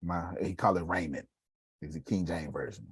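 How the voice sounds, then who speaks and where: Male motivational speaker, low husky voice, animated and preachy, dry close sound. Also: a little fast. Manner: animated, swings between loud bursts and hushed asides. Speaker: motivational speaker on live video. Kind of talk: casual preacherly live talk.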